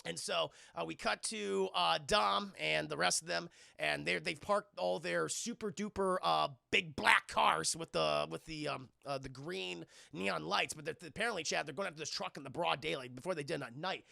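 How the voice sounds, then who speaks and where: A man casually recapping a film scene by scene for a live chat, animated and profane, acting out the characters. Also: a little high, moderate pace, creaky, few pauses, no room sound, studio quality. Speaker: streamer reviewing a film.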